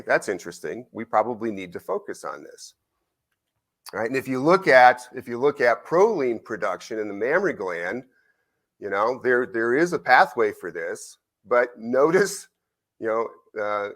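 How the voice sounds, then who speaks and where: A middle-aged man, a university researcher, giving a conversational conference lecture with stories and frequent "right?" checks to the audience. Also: medium pitch. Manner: animated, conversational, frequent "right?" tag questions. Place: conference symposium.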